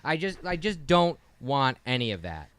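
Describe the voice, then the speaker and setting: A man's voice: medium pitch, very animated, normal speed, a bit bright, no echo. A man co-hosting a casual podcast, ranting in an exasperated, swearing way. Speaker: podcast co-host. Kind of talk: casual comedic rant.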